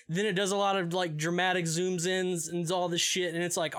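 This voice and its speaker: A young man with a high-pitched voice rambles through a movie recap on a podcast. He swears constantly, restarts his sentences, and breaks into laughs mid-thought. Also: steady tone, normal speed, fairly bright tone. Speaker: podcast co-host. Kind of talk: casual profane movie recap.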